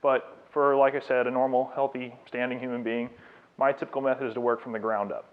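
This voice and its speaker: A man's voice: mid-range voice, little pitch movement, fairly quick. A man who is a fitness trainer, giving a live demonstration lecture and coaching a client through exercises. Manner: coaching instructions, encouraging and explanatory. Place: fitness studio. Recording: tinny phone-like sound.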